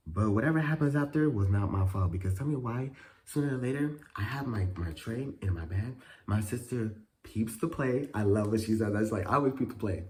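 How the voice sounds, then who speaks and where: Low-voiced young man telling a profane story. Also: fairly quick. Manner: animated, profane storytelling with sudden pitch jumps. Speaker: vlogger. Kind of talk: casual storytime.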